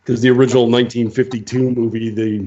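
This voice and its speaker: Sarcastic man with a mellow voice. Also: medium pitch, flat delivery, fast talker. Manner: sarcastic, mocking. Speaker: radio show co-host. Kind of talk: casual political banter. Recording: dull lo-fi online radio audio.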